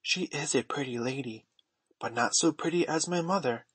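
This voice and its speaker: A man voicing a boastful, eager boy who never grows up, speaking with hushed urgency. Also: mid-range voice, moderate pace, slightly rough, dry recording.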